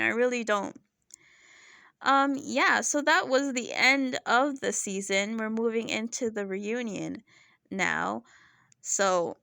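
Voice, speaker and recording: A woman's voice: fairly high pitch, a bit bright, no echo, studio quality. A young woman giving casual, opinionated commentary in a vlog, chatty and exasperated, with lots of fillers. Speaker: reality TV reviewer.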